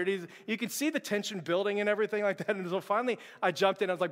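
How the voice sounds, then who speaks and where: A male pastor preaching to his congregation in a large, echoing sanctuary, his voice sitting high for a man. He speaks earnestly and directly to the church, often repeating words as he restarts his thoughts. The long reverb of the hall trails behind each phrase. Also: racing, few pauses, fairly bright tone. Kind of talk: sermon.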